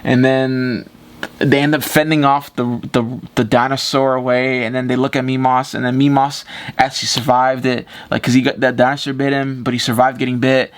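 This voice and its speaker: A man's voice: mid-range voice, little pitch movement, moderate pace. Rambling, cursing male movie reviewer. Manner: rambling, profane, repeats himself. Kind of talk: casual spoken movie review. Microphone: camera with ring light.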